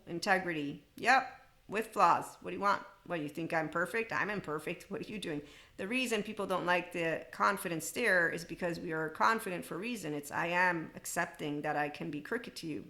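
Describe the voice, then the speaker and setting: Female podcast host, low-set bright voice, blunt, rambling monologue. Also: brisk, gravelly. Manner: blunt, rambling and self-amused. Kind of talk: spiritual self-help monologue.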